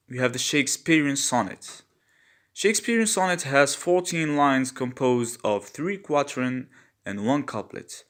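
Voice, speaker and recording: A man who teaches English literature goes through a poetry lesson slowly and patiently, repeating key terms so they stick. His voice sits at a middle pitch and has a fairly bright tone.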